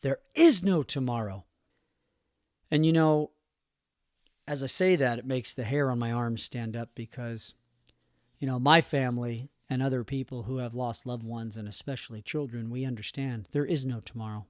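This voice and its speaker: A man's voice: medium pitch, fairly even intonation, normal speed, no echo, studio quality. Earnest middle-aged man hosting a motivational podcast. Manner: earnest, conversational, rambling with many fillers. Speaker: podcast host.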